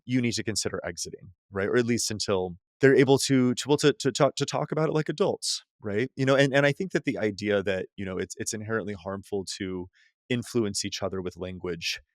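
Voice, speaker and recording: A man, a psychotherapist, talking loosely in a podcast conversation, full of "like" and restarts and quick to laugh. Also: lowish voice, no room sound, clean studio sound. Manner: loose and rambling, heavy use of "like" and restarts, laughs easily. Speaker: psychotherapist guest.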